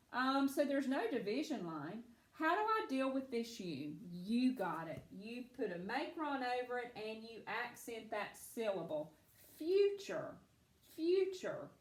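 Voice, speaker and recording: Woman teacher doing phonics w kids, slow encouraging, kinda echoey room. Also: a little high. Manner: patient, encouraging, slow and clear. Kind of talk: phonics lesson to children.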